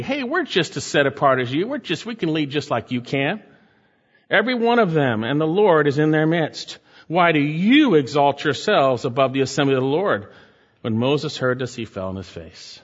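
A man's voice: fairly high pitch, animated, normal speed, fairly bright tone. A male pastor preaching a sermon, reading scripture aloud and breaking off to comment and exhort his congregation. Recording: muffled sound in a reverberant hall.

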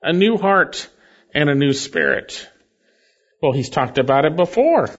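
A man's voice: fairly high pitch, lively intonation, a little slow. A man preaching a sermon, reading scripture aloud and pleading earnestly with his listeners. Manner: earnest, emphatic, rising and falling with scripture readings. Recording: slightly dull lo-fi recording.

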